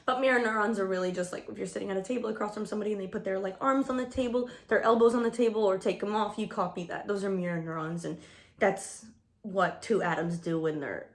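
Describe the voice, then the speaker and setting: A woman's voice: mid-range voice, steady tone, fast talker. A woman vlogger chatting casually while getting ready, slangy and profane, laughing often. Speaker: beauty vlogger. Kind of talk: casual get-ready-with-me chat.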